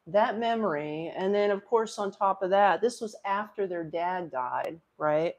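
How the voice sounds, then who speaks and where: A woman's voice: medium pitch, expressive, unhurried, hardly any pauses, dull audio. Emotional middle-aged woman host, rambling. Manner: rambling, emotional, talks straight to viewers. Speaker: livestream host. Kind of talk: casual storytelling to live chat.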